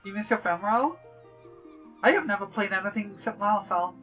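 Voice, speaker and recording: A young woman chats her way through a game stream. Her voice is bright and clear, rambling along with plenty of fillers and playful repeated jokes. Faint game music plays underneath. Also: medium pitch, lively intonation, fairly quick. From Yorkshire, England. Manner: chatty and rambling, with lots of likes and ums. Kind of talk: casual livestream chat.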